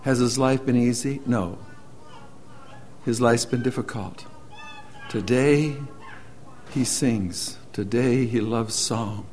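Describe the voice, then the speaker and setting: A man preaching a sermon as an earnest storyteller, moving between loud emphasis and hushed, slowed lines. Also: mid-range voice, slight background noise.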